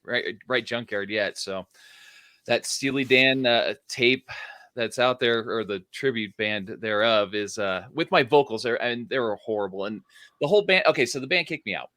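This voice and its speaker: A man playing a tabletop role-playing game, talking in character in a halting way with many restarts. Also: mid-range voice, sharp tone, no echo. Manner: halting, full of fillers and restarts. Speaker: player.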